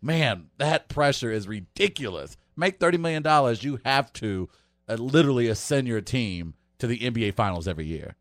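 A man hosting a casual sports talk show who laughs often and hammers his points with animated emphasis. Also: mid-range voice, a little fast, no room sound, studio quality. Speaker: radio show host.

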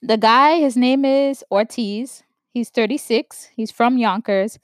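A woman from New York giving opinion commentary, stressing words slowly and checking in with "right?". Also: a little high, dry recording. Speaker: vlogger commenting on news.

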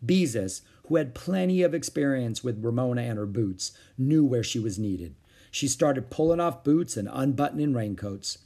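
A man reading a children's book aloud in an expressive storytelling manner. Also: medium pitch, normal speed.

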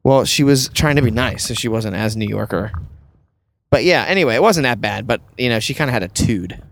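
A man from the American South, hosting a casual podcast chat as a wedding photographer and telling lively anecdotes. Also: mid-range voice, fairly quick, gravelly, slight background noise. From Southern United States. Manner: chatty storyteller, acts out voices in anecdotes.

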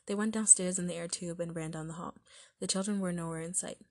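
A woman narrating a story aloud in a steady, measured way. Her voice is on the low side and sounds dry and close to the mic, with no room around it. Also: dry recording.

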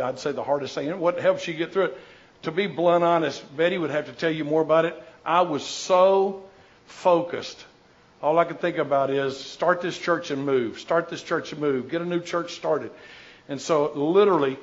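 An older man, a missionary, answering audience questions in an informal talk. He rambles through jokey, animated stories with many restarts. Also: a little high, dull audio.

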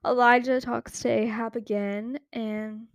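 A woman's voice: a little high, flat delivery, unhurried, no echo. A woman hosting a podcast, talking casually about a Bible story, chatty and giggly, with lots of "like" fillers. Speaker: podcast host.

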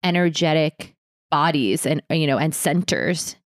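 A woman's voice: sits low, lively intonation, a little slow, dry recording, studio quality. A woman hosting a podcast, chatty and easygoing as she introduces her guest. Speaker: podcast host. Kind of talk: casual interview chat.

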